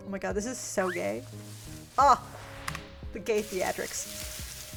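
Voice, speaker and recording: A woman's voice: medium pitch, slow, gravelly, long pauses, fairly bright tone. A young woman streaming, casually reading her old letters aloud and mocking her past self, swearing freely. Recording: faint music behind.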